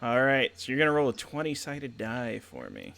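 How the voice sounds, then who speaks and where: A man's voice: medium pitch, huge pitch swings, moderate pace, gravelly, fairly bright tone, a little hiss or hum. A man running a tabletop game as game master, rambling through descriptions with fillers and jokey asides.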